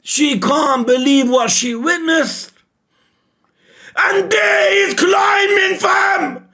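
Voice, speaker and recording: A man reacting live to a manga chapter, emotional and shouting, swearing often. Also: very high voice, steady tone, very slow. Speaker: reaction streamer.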